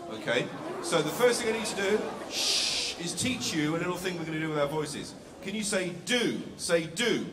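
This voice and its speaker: Energetic man leading a band workshop. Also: fairly high pitch, background noise. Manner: energetic, call-and-response chanting of scat syllables. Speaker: workshop leader. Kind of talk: leading a live music workshop. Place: school hall with live band and audience. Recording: echoey hall, mic far off, loud band and crowd.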